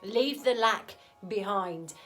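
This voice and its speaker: A woman's voice: mid-range voice, slow pace, fairly bright tone, soft background music. Chatty tarot reader woman with a cold. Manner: chatty, frank, keeps asking "okay?". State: has a cold. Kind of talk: casual tarot reading to camera.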